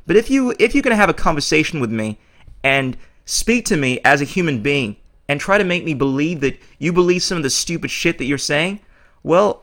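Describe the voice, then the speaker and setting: A man's voice: a little high, a bit bright. A man hosting a podcast, delivering a blunt, opinionated monologue full of swearing. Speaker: podcast host.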